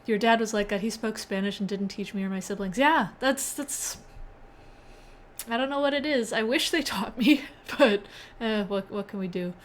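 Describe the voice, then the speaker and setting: A young woman livestreams herself coding in a relaxed way, speaking at normal speed in a medium-pitched voice with slight background noise. Chatty and quick to laugh, she reads viewers' comments aloud.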